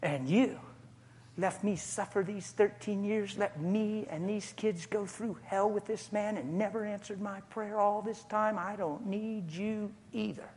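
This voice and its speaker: Bitter, worn-out wife as a preacher voices her, low and quiet. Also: normal speed, in a large hall, lightly acted. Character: bitter hurt wife giving up on God.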